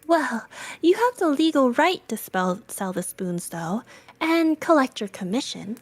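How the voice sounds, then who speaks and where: A woman voicing a brisk, good-humored young groom in a storybook reading. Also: high-pitched, big pitch swings, voice pushed up, exaggerated voice.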